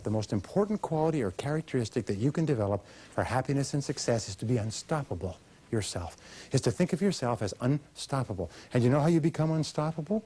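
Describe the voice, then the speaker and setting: Mellow and mid-range, with a breathy edge, this man's voice carries an emphatic motivational seminar talk. He asks rhetorical questions and gets the audience to repeat his lines back to him.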